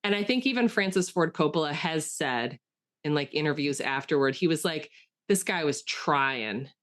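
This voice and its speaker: A woman's voice: sits low, fairly quick. A woman co-hosting a podcast, talking enthusiastically about a film in casual chat with lots of fillers. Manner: chatty, enthusiastic, with frequent fillers and restarts. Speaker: podcast co-host.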